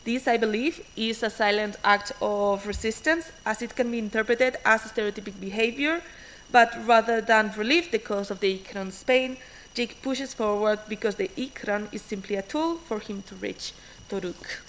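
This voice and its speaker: A woman's voice: mid-range voice, slight background noise, rough recording. A woman reading out an academic conference paper, hurrying and often restarting words with fillers. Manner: hurried, frequent restarts and fillers.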